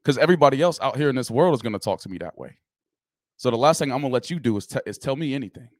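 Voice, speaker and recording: A man's voice: mid-range voice, lively intonation, dry recording, studio quality. A man hosting a podcast, asking questions in a casual, slangy way full of fillers. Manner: casual, fast, slangy fillers like "you know what I'm saying". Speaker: podcast host.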